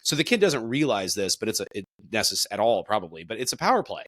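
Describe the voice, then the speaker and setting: A man co-hosting a casual reaction discussion, talking emphatically and rising sharply in pitch and volume when he stresses a point. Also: big pitch swings, fast talker, no echo. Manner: emphatic, gets sharply louder and higher when making a point. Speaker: podcast co-host.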